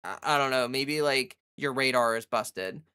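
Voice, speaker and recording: A woman's voice: a bass voice, normal speed, pushed and bright, clean tone. A woman hosting a casual livestream from home, chatting loosely with many "like" fillers and answering viewers' chat. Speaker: livestream host.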